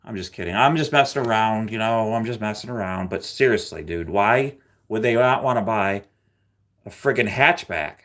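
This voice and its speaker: A man's voice: fairly low pitch, moderate pace. A man hosting a live stream in casual chat, joking and teasing his viewers. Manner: joking, teasing, animated, often slips into loud playful bursts. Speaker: livestream host.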